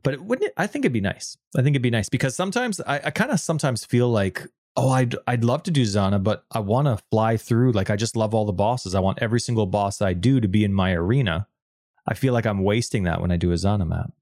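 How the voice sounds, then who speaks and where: A Canadian man co-hosting a casual gaming podcast, playful and rambling, quick to laugh. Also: fairly low pitch, darkish tone, dry recording, clean studio sound. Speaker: podcast co-host.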